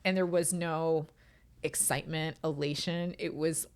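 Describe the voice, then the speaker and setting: A woman's voice: deep voice, steady tone, unhurried, clean tone. A middle-aged woman hosting her own podcast, talking candidly and emotionally with frequent swearing, close to tears. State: tearful. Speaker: podcast host. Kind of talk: casual solo podcast monologue.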